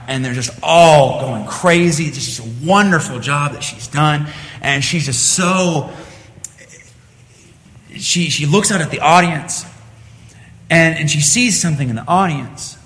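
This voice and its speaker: A man's voice: on the high side, a bit bright. Earnest preacher man in reverberant hall. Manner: earnest, rising and falling delivery with restarts. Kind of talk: sermon. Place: church sanctuary.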